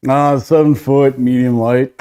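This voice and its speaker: A man's voice: medium pitch, fairly even intonation, unhurried, mellow, clean tone. A man with a mid-range voice co-hosts a casual podcast, teasing and ribbing his friends as they talk. He shifts easily between jokes and plain chat. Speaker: podcast co-host.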